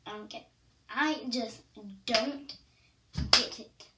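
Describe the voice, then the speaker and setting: A woman's voice: on the high side, slow, far from the mic, heavy background noise. A female vlogger talking casually to camera in a rambling, stop-start way with emphatic repetitions.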